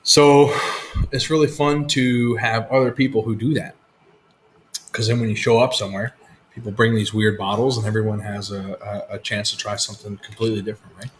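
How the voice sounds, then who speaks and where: A man's voice: on the low side, fairly even intonation, fairly quick. Guy rambling about whisky, easygoing, cusses a lot, faint hum behind him. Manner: chatty, swearing, laid-back storyteller. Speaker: whisky show host. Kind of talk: casual live-stream chat.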